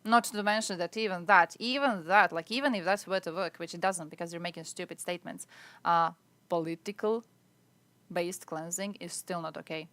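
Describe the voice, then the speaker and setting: A woman's voice: fairly low pitch, normal speed, a bit bright, no room sound. A woman streaming live, ranting bluntly and swearing as she reacts to chat comments.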